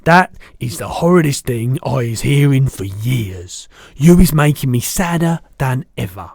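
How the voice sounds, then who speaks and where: A man voicing a huge, kindly, soft-hearted old male giant in a storybook reading, speaking slowly and loudly in mangled grammar. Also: medium pitch, animated, creaky, husky, no echo, studio quality, heavily acted. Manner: mangled grammar, slow and loud.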